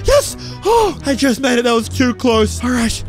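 A performer voicing an upbeat, excitable dad during Roblox gameplay commentary. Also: medium pitch, moderate pace, soft background music. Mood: excited. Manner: upbeat, excitable, calls out often. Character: cheery excitable cartoon dad.

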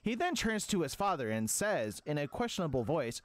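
Gaming streamer, male, lively pitch that swings up and down, slightly high voice, mock-parental sing-song dad act. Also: brisk. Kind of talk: comic role-play as a dad.

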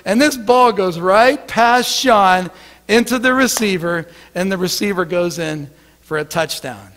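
A man's voice: sits high, fairly bright tone, in a large hall. A male pastor giving an earnest sermon, often repeating words as he starts his sentences.

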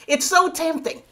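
A woman leading a body percussion lesson over a video call, playful and coaxing, counting and chanting rhythms aloud. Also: fairly bright tone. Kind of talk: live online teaching. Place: home room on a video call.

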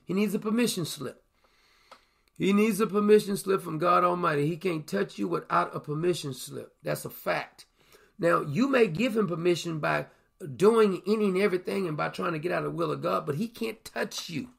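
A man with a high, gravelly voice preaching over the air in a loose, conversational sermon. His tone is husky and breathy, and he talks animatedly, repeating words and acting out the people in his stories. He sounds like he is in a broadcast studio. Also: moderate pace.

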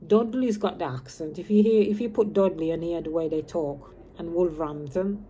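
A Birmingham-raised woman in her fifties chats casually and meanderingly to camera, dropping her H's. This vlogger's voice is fairly low, warm, and at a normal speed.

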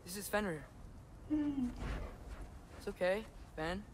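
A man's voice: sits high, drawn-out words, heavily acted. An actor voicing an earnest, curious teenage boy god in a video game. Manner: earnest, searching. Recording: game audio with steady background noise.

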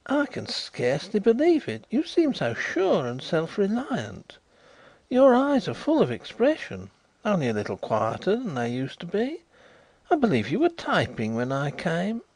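A man's voice: high voice, wildly swooping pitch, measured pace, darkish tone, pitched above the performer's own voice, full character voice. A man voicing an earnest, slightly flustered middle-aged ex-solicitor turned detective in an audiobook reading.

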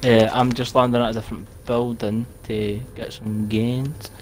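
A man's voice: mid-range voice, flat delivery, moderate pace, noisy background. A Scottish man chatting crudely and joking while playing an online game with friends. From Scotland. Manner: crude, joking, swears a lot. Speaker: gamer streaming with friends. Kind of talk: casual gaming banter.

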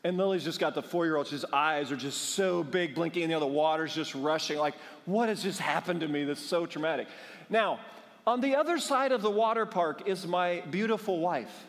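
A man's voice: on the high side, brisk. A male pastor preaching a sermon, telling a humorous personal story and building to fervent exhortation. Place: church sanctuary. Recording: long church hall reverb.

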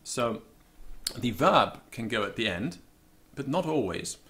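A man giving an informal spoken lesson, thinking aloud with many ums and slowing down to stress each example. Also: mid-range voice, sing-song, sharp tone. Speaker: Latin teacher.

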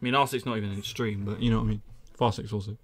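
A man's voice: on the low side, fairly even intonation, very fast. A young man live-streaming Minecraft, chatting jokily with viewers and answering them by name. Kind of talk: casual live-stream chat, reading chat aloud.

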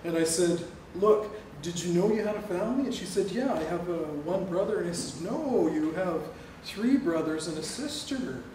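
Animated man telling a story in an echoey hall. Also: high-pitched, normal speed. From Canada. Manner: animated, acts out dialogue, laughs often. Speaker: guest speaker. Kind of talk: personal storytelling to an audience. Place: lecture hall on a campus. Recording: distant, echoey room recording with noise.

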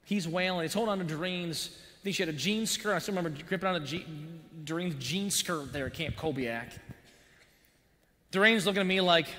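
A man preaching a sermon as pastor, telling a personal story in an animated way with buzzing sound effects. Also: high-pitched, brisk. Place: church sanctuary. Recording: long church-hall reverb.

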